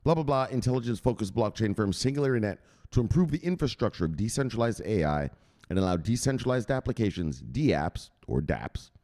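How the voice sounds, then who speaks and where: Here a man from the United States goes through a crypto news article aloud, his mid-range voice mellow with lively intonation and a fast pace. He digresses into chatty asides and urges viewers to google things.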